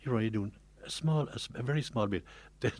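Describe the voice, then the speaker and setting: An older man, a retiring radio presenter, chatting softly and laughing easily on a studio mic. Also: medium pitch, fairly quick, no room sound. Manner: soft, soothing, laughs easily. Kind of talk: casual chat.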